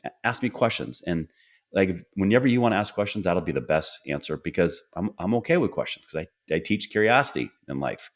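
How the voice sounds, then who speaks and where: A middle-aged man with a low-pitched voice hosts a relaxed podcast conversation. He talks earnestly and slips into short acted-out lines of dialogue while telling stories about his family. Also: fairly quick. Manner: earnest, storytelling, acts out quoted dialogue. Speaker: podcast host. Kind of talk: casual conversational interview.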